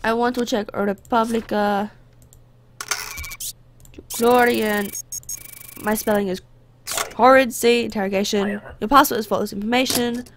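Woman, gaming commentary, gravelly voice, a little high, chatty, playful put-on accents, faint noise. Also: steady tone, measured pace, long pauses. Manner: talks to game characters as a border guard. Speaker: gameplay commentator. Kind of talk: casual let's play commentary.

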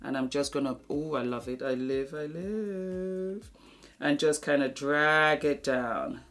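Low-voiced, unhurried woman makeup vlogger. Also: animated, a bit bright, faint music behind. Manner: affectionate, gushing, calls viewers darlings; drops to a murmur while applying makeup. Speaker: beauty vlogger. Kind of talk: makeup tutorial talk.

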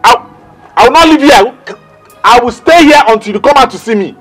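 Desperate Nigerian lover pleading. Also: male voice, very high voice, animated, brisk, soft background music, heavily acted. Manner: loud, pleading, insistent. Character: desperate lovesick man pleading at a gate. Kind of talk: Nollywood film acting.

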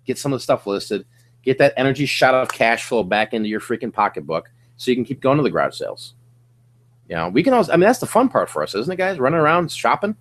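A middle-aged man hosting a casual livestream from his home office, coaching resellers in an energetic, slangy pep-talk manner. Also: mid-range voice, quick pace, a little hiss or hum.

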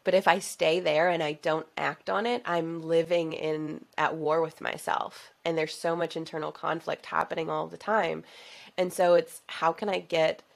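A woman hosting a coaching podcast who talks in a reflective, animated way and laughs often. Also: low-pitched, normal speed, vocal fry. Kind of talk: casual interview chat.

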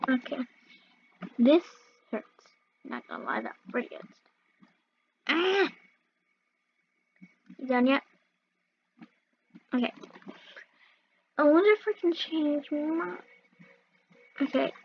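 A woman's voice: sits high, lively intonation, slow pace, pauses often, dull audio, a little hiss or hum. A woman casually commenting as she plays a video game, playfully yelping and groaning at each fall. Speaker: gaming video host. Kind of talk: casual let's-play commentary.

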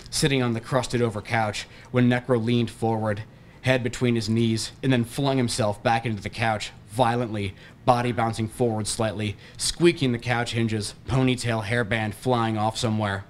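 A man, an author, reading his novel aloud at a bookshop in a steady, deadpan way. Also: medium pitch, normal speed, slight background noise.

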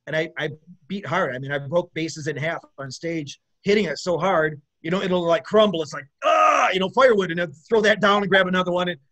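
A man, a bass player, chatting as an interview guest in a rambling, enthusiastic way with many fillers and restarts. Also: a little fast, fairly bright tone. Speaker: guest musician, bassist. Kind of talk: casual interview chat.

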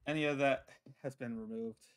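A man roleplaying lore in casual chat, halting with many fillers and restarts. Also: mid-range voice, steady tone. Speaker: lore roleplayer playing a god figure.

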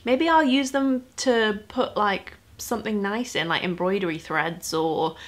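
A woman's voice: medium pitch, measured pace. Woman in her thirties; bubbly, chatty vlogger walking viewers through her gifts. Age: 30s. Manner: chatty and enthusiastic, with frequent little laughs and "like" fillers. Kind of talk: casual gift haul chat.

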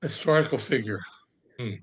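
Hesitant man pausing with fillers. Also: mid-range voice, lively intonation, husky. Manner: hesitant, many pauses and fillers. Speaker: guest. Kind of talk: casual answers in conversation.

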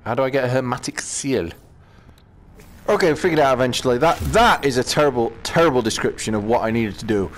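A British man casually commenting as he plays a VR game, chatting to himself with quick exclamations. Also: medium pitch, animated. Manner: chatty, talks to himself while playing, exclamations. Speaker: gaming channel host.

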